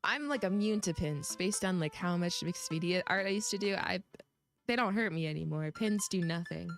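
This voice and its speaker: A woman's voice: on the low side, moderate pace, gravelly. A young woman streaming a dating game, chatting casually, giggling and rambling with self-teasing asides. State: coughing. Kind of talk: casual let's-play chat. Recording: faint music behind.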